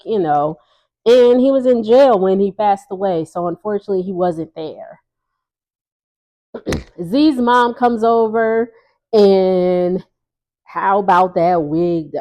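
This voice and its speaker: A woman's voice: on the low side, mellow. A woman casually recapping a reality TV episode in a chatty, sassy way, laughing often and acting out what people said.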